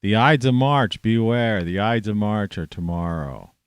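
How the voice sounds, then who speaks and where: A man ranting to camera in a rambling, profane monologue, scornful and swearing constantly, with sudden loud outbursts. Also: lowish voice, a little slow, clear, resonant tone, dry recording. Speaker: vlogger.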